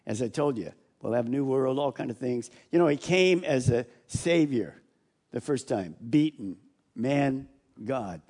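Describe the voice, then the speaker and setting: A middle-aged male pastor preaching a sermon, reading scripture aloud with swings between loud declaration and hushed asides. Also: mid-range voice, unhurried. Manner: animated preaching, voices scripture loudly then drops to hushed asides.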